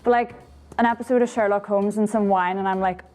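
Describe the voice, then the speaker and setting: A woman tells a story in a level, monotone way, hardly rising or falling. Faint music plays underneath. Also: mid-range voice, fairly quick. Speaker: interviewee.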